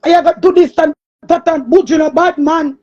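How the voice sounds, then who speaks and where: A woman with a Jamaican accent in an angry, cursing monologue, often shouting. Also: extremely high pitch, a little fast. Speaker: streamer. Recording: muffled lo-fi recording.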